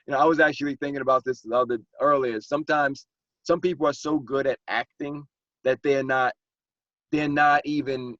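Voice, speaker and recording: A man leads a relaxed group conversation at a middle pitch. His voice sounds close, dry and a little dull. He slips into exaggerated characters to make his points. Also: a little fast, no echo. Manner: animated, acts out exaggerated characters mid-story. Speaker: author and discussion host. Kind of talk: casual group discussion.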